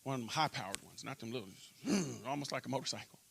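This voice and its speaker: A middle-aged man, a pastor, telling a story in a church interview and acting out shouting crowds. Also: medium pitch, fast, creaky, a little hiss or hum. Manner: animated storyteller, acts out crowd chants.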